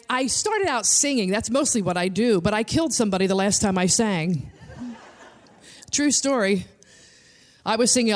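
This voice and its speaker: A woman from New Jersey with a New Jersey accent, telling animated comic stories on stage as a comedian and singer. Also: high-pitched. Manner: animated, breathless storytelling. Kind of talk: stand-up storytelling to an audience.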